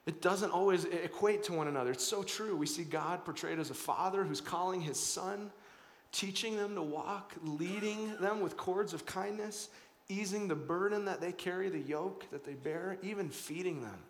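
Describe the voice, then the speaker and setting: A man's voice: high voice, moderate pace. A man in his thirties preaching a sermon as pastor, earnest and conversational, often repeating words as he restarts. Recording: echoey hall.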